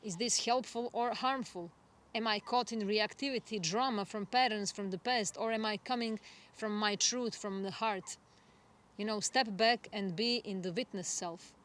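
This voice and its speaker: A woman astrologer giving a spiritual forecast monologue, gentle and reflective, unhurried and earnest. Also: medium pitch. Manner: gentle, reflective, soft laughs.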